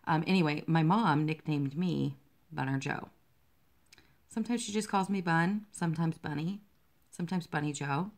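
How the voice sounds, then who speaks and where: A woman's voice: sits low, moderate pace. A woman vlogging casually about her cross-stitch designs, rambling, self-deprecating and easily distracted by her pets. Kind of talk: casual chat while stitching.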